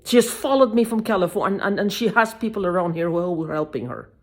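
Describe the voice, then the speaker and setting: A woman in an agitated personal video monologue, halting and repetitive, with frequent swearing and repeated phrases. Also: mid-range voice, lively intonation.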